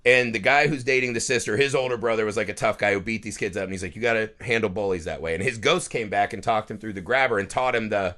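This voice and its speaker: A man in his thirties co-hosting a podcast, chatting casually, swearing freely and acting out film scenes with lively energy. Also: fairly low pitch, fast talker, hardly any pauses. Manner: animated, swears freely, acts out movie scenes. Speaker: podcast co-host. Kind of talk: casual chat.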